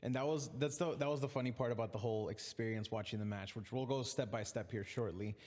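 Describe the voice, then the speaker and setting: A man hosts a podcast in relaxed, joking conversation, with loose phrasing and frequent fillers. His voice sits at an ordinary middle pitch. A long reverb trails his words. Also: fast. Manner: laid-back, joking, lots of fillers. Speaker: podcast host. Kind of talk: casual chat.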